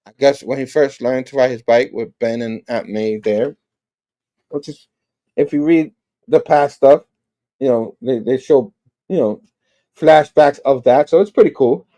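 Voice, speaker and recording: A man hosting a casual comic book review, chatty and retelling scenes with quick laughs. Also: mid-range voice, warm tone. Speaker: host.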